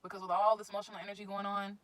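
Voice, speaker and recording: A woman's voice: medium pitch, completely flat delivery, very fast, a bit bright, no room sound, low-quality recording. A woman giving casual spiritual advice in a chatty, informal vlog, often circling back to her points. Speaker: astrology vlogger.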